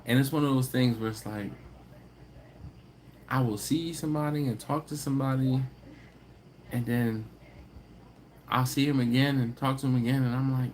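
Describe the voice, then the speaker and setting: A man chats casually on a live stream, his pitch sitting in the middle of the range. He tells stories with laughs and mimics the people he quotes. A faint hum stays under his voice. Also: steady tone, normal speed, long pauses, a little mellow. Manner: storytelling, laughs often, acts out quoted people in a higher voice. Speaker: host of a live barbecue channel stream.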